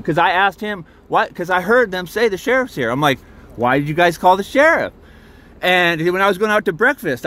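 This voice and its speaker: A fairly high-voiced man sits in his truck and talks into his phone. He is agitated and rambles through a long complaint. He swears freely along the way. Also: fairly bright tone. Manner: heated, rambling, swears often. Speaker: vlogger filming a confrontation. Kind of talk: agitated first-person recounting. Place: inside his parked truck. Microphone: handheld phone.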